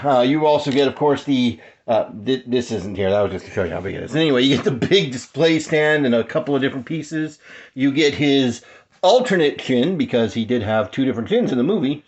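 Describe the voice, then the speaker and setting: Excitable man rambling through an unboxing. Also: mid-range voice, muffled recording. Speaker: toy collector vlogger. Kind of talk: casual unboxing vlog. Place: cluttered apartment room. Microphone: handheld cellphone.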